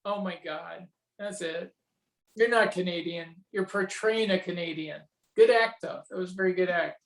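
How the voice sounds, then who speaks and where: A man's voice: sits high, moderate pace, creaky. A man chatting as a guest in an interview, full of joking, teasing banter. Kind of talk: casual interview chat.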